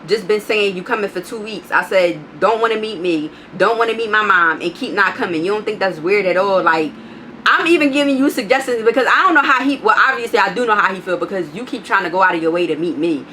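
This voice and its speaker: A woman vlogger telling a storytime, blunt and profane, animated as she reads out text messages. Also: mid-range voice, slight background noise, rough recording. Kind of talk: storytime vlog.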